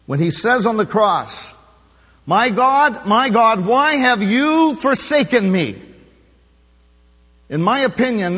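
A middle-aged man preaches a heartfelt sermon in a husky, slightly breathy voice set a touch high for a man. His delivery swings from loud, pressing emphasis to quiet, hushed passages. The long reverb of a big church sanctuary trails after every phrase. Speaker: pastor. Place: church sanctuary during a service.

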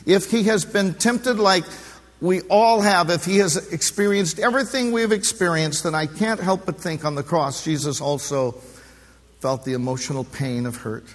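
A middle-aged man preaches a heartfelt sermon in a husky, slightly breathy voice set a touch high for a man. His delivery swings from loud, pressing emphasis to quiet, hushed passages. The long reverb of a big church sanctuary trails after every phrase. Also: normal speed. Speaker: pastor. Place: church sanctuary during a service.

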